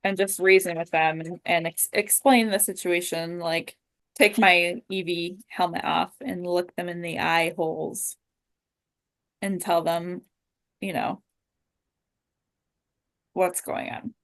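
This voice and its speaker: A woman's voice: on the low side, fairly even intonation, slow, long pauses, fairly bright tone. A woman playing a tabletop game who argues in character in an earnest, persuasive way and presses with questions. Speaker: player. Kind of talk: tabletop role-play.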